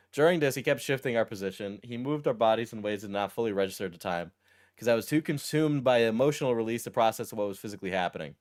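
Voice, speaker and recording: Male streamer, smooth lowish voice, reads text aloud and cuts in with dry, deadpan jabs. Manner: wry, deadpan asides between read passages. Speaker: streamer reacting to a text post. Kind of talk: casual commentary while reading aloud.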